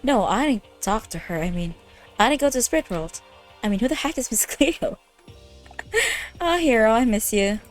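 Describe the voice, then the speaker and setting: A woman's voice: fairly high pitch, expressive, normal speed, pauses often. A young woman playing a visual novel, reading every character's lines aloud in her own voice, laughing and reacting, with faint game music behind. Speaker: let's play host.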